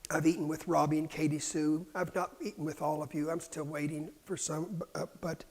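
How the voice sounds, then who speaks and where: Man, preacher, sermon, fairly high voice, whispers then cries out. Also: little pitch movement, brisk. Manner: dramatic, swings from hushed whispers to loud fervent cries.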